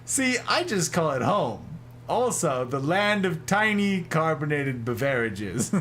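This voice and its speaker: Man, casual stream chat, unhurried, playful, teasing, desk mic. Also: on the high side, lively intonation, fairly bright tone, a little hiss or hum. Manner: playful, teasing, joking mispronunciations; laughs often. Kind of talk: casual livestream chat with viewers.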